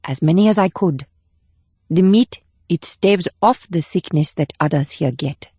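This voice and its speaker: A man's voice: fairly high pitch, a little slow, slightly rough, dry recording, pitched above the performer's own voice. A male audiobook narrator voicing a cold, ruthless female state agent who speaks in clipped, commanding lines. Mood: measured. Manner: clipped, commanding, flat menace. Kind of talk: audiobook character voice.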